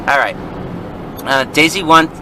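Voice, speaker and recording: A man's voice: a little high, measured pace. A man co-hosting a vlog, chatting casually from a car in traffic, rambling through a story and laughing often. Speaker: vlog co-host. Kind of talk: casual chat while driving.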